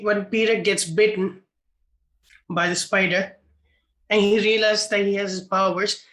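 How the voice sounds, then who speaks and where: A man's voice: high voice, a bit bright, rough recording. A man co-hosting a casual film podcast, emphatic and swearing for emphasis. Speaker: podcast co-host.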